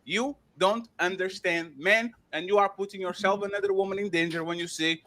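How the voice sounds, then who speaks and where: A man with a strikingly high voice argues on a panel, pressing his point with repeated names and words. His tone is bright and pointed, and he cuts in over the others. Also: fairly even intonation, a little fast, few pauses. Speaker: panel show host. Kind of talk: heated panel debate.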